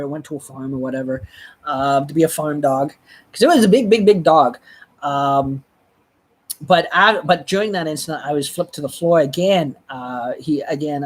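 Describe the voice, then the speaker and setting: A live streamer telling a personal story in a rambling, halting way, with frequent restarts and blunt swearing. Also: mid-range voice.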